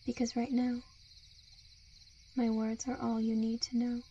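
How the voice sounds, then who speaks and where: Woman, whispered role-play, hypnotic and coaxing, very flat, higher voice, faint crickets behind. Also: unhurried, muffled recording, slight background noise. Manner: soft, soothing hypnotic murmur; seductive, coaxing.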